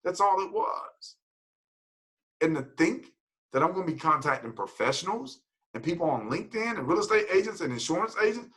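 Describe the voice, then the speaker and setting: A man leading a motivational team call, energetic and preachy, repeating himself for emphasis. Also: on the high side, poor audio. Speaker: team leader.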